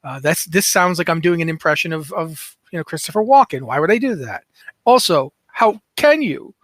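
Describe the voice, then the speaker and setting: Male podcast host, high voice, loose self-deprecating banter. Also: expressive, a little fast, a bit bright, dry recording, clean studio sound. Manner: rambling, self-mocking banter. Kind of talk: casual podcast chat.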